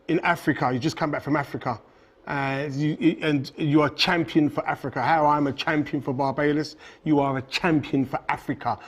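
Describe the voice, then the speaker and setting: A man hosting a casual studio interview who asks his questions haltingly and repeats words as he goes. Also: fairly high pitch, slightly rough. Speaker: host.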